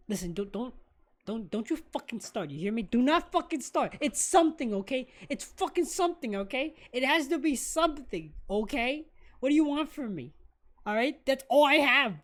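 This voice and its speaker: A woman co-hosting a casual fan discussion, ranting excitably with lots of swearing. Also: high voice, normal speed. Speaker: co-host of a fan discussion show. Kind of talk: casual chat.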